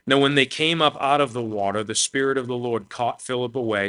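Bright-voiced man preaching casually. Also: medium pitch, fairly quick, smooth. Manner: conversational, animated preaching with frequent "man" and "you know". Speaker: pastor. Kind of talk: sermon.

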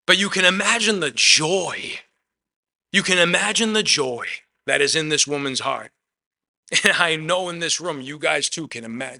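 A man's voice: a little high, sharp tone, dry recording. A man preaching a sermon in a conversational way, acting out the quotes as he tells the story. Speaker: pastor.

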